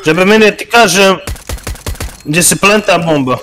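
A man playing a shooter with friends, calling out directions over voice chat, excitable and swearing. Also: high voice, normal speed, noisy background. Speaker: player. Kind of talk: casual game voice chat.

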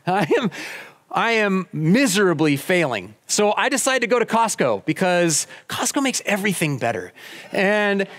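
A man's voice: high-pitched, a bit bright. A man preaching a sermon, telling a personal story and acting out both sides of the conversations. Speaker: pastor. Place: church auditorium.

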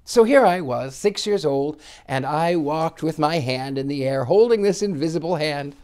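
Earnest soft-spoken man musing. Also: fairly high pitch, lively intonation, normal speed. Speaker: psychic sharing personal reflections. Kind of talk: reflective monologue.

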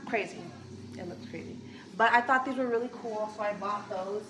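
A woman's voice: medium pitch, normal speed, over music. A young woman chatting casually in a show-and-tell home vlog, rambling with lots of fillers and restarts. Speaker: vlogger. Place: small kitchen at home. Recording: echoey home room.

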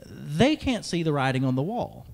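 A young man, a conference speaker and radio host, gives an emphatic political speech with sarcastic asides in a large hall, and the recording carries long hall reverb. His voice is slightly high, creaky and a little mellow, very animated at a moderate pace.

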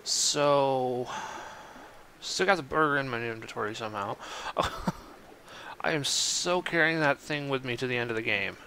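A man's voice: mid-range voice, normal speed, pushed and bright, slight background noise. A man commenting on his gameplay, exasperated and swearing often. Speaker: let's play host.

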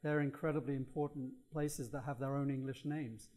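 A man's voice: medium pitch, fairly even intonation, brisk, a little mellow. A man answering lecture questions, musing. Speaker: guest lecturer.

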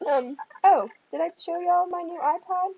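A woman's voice: very high-pitched, moderate pace, vocal fry, muffled recording, a little hiss or hum. A teenage girl with a Southern US accent, rambling casually on her vlog with lots of ums and giggles. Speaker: vlogger. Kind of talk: casual chat.

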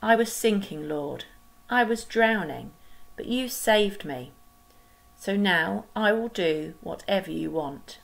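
A woman's voice: medium pitch, animated, slow, creaky, poor audio. A woman voicing Jonah, a grumbling, reluctant man who groans and complains, in a told Bible story. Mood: prayerful.

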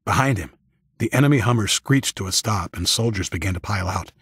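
Male audiobook narrator, first-person storytelling, measured, low pitch, husky tone, dry close mic. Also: fairly bright tone, no room sound.

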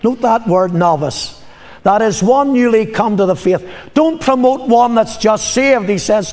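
A large room carries the high, unhurried, slightly mellow voice of an older pastor from Northern Ireland. Repeating his lines as he preaches, he prompts the congregation for responses.

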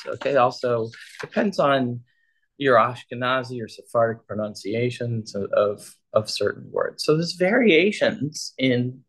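A man's voice: mid-range voice, slightly rough. A man leading a casual Torah study, chatty and loose, who keeps checking in with his listeners.

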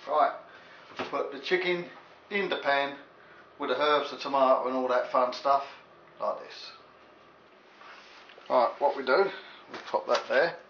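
A medium-pitched man from England cooks in his home kitchen, speaking a little slowly with long pauses. His demonstration is casual and full of jokes and rambling asides to the viewer, heard through echoey, dull lo-fi audio with a faint hiss.

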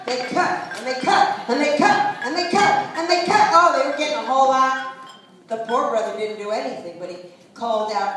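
A woman storyteller telling a folk tale live, animated and coaxing listeners to join in. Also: sits high, normal speed, background noise. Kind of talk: live participatory storytelling for children. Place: live performance space. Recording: echoey live room, far mic, instrument music.

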